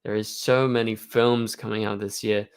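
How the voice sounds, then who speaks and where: A man's voice: fairly low pitch, little pitch movement, moderate pace, smooth. A young man hosting a live stream, chatting casually and answering viewer questions, rambling with lots of fillers. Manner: rambling, full of "like" and "um".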